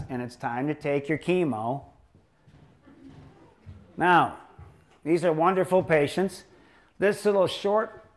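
A man giving a lecture to an audience as a doctor, telling patient stories in a rambling, joking way. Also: on the high side. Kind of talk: anecdotal lecture to a live audience.

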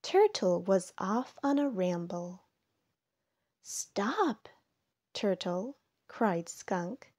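Slow gentle woman reading a picture book. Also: fairly low pitch, animated, no room sound, studio quality. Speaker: storybook reader. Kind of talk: children's story read-aloud.

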